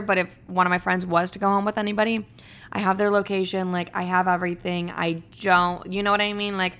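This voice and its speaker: Chatty, profane young woman podcaster, smooth voice. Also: fairly low pitch, a bit bright. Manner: chatty, profane, playful, says "like" a lot. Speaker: podcast host. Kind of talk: casual solo podcast monologue.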